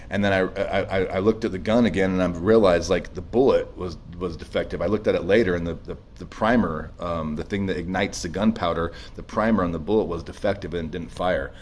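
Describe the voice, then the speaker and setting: A man sharing a raw personal testimony in a halting, emotional way, full of restarts and blunt swearing, shaky as he tells it. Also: low voice, fairly even intonation, a little mellow, a little hiss or hum. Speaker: speaker sharing his story.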